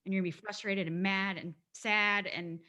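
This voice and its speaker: Woman guest, casual chat, emphatic, pep-talk tone, mid-pitched voice. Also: steady tone, normal speed, sharp tone. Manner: emphatic, motivational, swears casually. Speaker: podcast guest.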